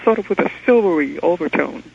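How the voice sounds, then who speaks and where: A man phones in to a radio show and tells his story earnestly, getting excited as he goes. His voice sits fairly high and sounds a little husky. The phone line dulls it, leaving it muffled and low-fi. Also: brisk. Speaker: caller. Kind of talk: call-in storytelling. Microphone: telephone.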